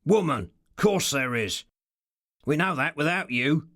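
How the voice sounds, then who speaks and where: A man voicing a rough, scheming male henchman who talks coarsely and in loud bursts. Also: medium pitch, lively intonation, normal speed, no room sound, studio quality, natural voice. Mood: angry.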